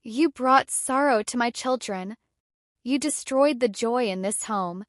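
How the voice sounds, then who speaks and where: A stern father in a spoken storybook, forceful and commanding as he confronts his wife, voiced by a woman narrator. The voice stays fairly high and close, with little room sound. It is only lightly set apart from the narrator's own. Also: a little slow, no room sound, natural voice. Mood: shouting. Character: stern wronged father, adult man.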